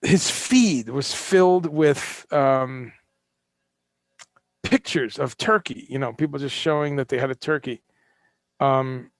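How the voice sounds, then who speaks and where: A man's voice: medium pitch, slow pace, pauses often, dry recording, clean studio sound. A man hosting a live-streamed solo talk, ranting with passion, swearing and firing off rhetorical questions. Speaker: host.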